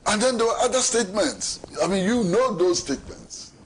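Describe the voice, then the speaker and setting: Ghanaian male talk-show host, middle-aged, high voice, hammers home rhetorical questions. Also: animated, brisk, a little hiss or hum. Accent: Ghanaian English. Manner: emphatic, repeats rhetorical questions. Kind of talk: political commentary.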